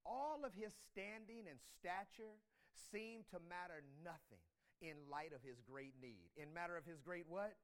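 A man preaching a sermon in church, swinging between loud exhortation and quiet, repeated phrases. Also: high voice. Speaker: pastor.

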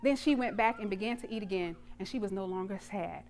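A woman preacher retelling a Bible story in a sermon, dramatic and lively with touches of humor. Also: mid-range voice, quick pace, slight background noise.

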